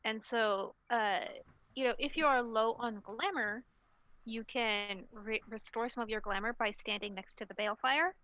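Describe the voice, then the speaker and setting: A woman running a tabletop game as storyteller, narrating haltingly with many fillers. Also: fairly high pitch, sharp tone, dry recording, lo-fi sound.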